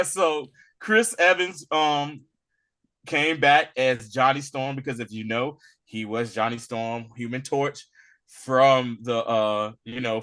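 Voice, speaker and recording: A man co-hosting a podcast, talking casually about a movie and acting out scenes in loud bursts. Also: mid-range voice. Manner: animated, acts out lines in loud bursts. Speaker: podcast co-host.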